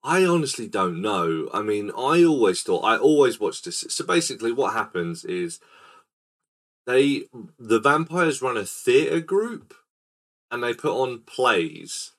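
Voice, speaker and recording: A man's voice: mid-range voice, sing-song, a little slow. A man hosting a casual film podcast, rambling and quizzical as he recaps a scene. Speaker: podcast host. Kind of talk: casual film-review chat.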